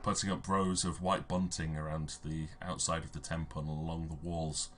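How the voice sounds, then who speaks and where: A man narrating as game master of a tabletop game, halting with fillers and restarts as he describes the scene. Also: a bass voice, flat delivery, a bit bright, slight background noise. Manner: hesitant, many fillers and restarts. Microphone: home microphone on a stream.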